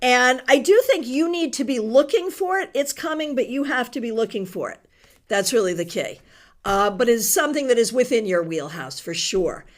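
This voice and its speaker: A woman's voice: on the high side, lively intonation, moderate pace. A middle-aged woman hosting a tarot livestream, chatting with viewers and reading their comments aloud with emotion. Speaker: tarot reader host.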